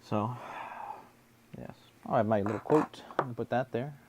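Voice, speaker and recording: A man's voice: mid-range voice, measured pace, noisy background. A man hosting a casual livestream, reading out viewer comments and answering them in a playful, jokey way. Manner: playful, jokey, slips into silly put-on voices. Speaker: livestream host.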